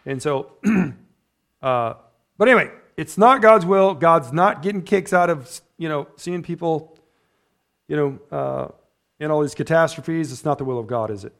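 A man preaching a sermon in church in a loose, conversational way, often checking in with his listeners with a quick "right?" or "amen?". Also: on the high side, expressive, fairly bright tone. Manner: chatty, tags points with "right?" and "amen?". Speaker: pastor.

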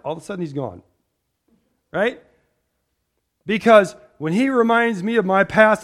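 Emphatic preacher with a higher voice. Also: male voice. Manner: rhetorical questions, emphatic and repetitive. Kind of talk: sermon with scripture reading.

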